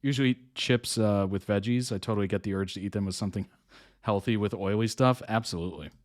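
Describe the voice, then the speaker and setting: Man with a lowish voice, chatty reaction-video host making casual asides. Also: quick pace.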